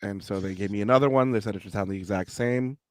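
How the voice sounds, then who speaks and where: A man's voice: fairly low pitch, fast, no echo, clean studio sound. A man co-hosting a podcast, recounting events in a matter-of-fact, self-deprecating way. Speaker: podcast co-host. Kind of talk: casual podcast chat.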